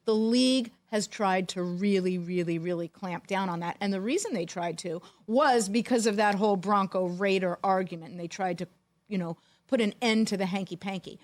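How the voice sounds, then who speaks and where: A middle-aged woman co-hosting a sports talk show, telling a long story in a wry, animated way. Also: mid-range voice, moderate pace. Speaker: podcast co-host, former football executive. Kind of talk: storytelling in casual chat.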